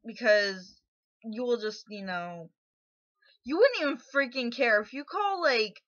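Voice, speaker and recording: A woman's voice: fairly high pitch, lively intonation, measured pace, fairly bright tone, dull audio. A woman venting to camera in an angry, indignant personal rant, shaking with anger and near tears, with many fillers. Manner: angry, indignant, filler-heavy ("like", "you know"). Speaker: vlogger.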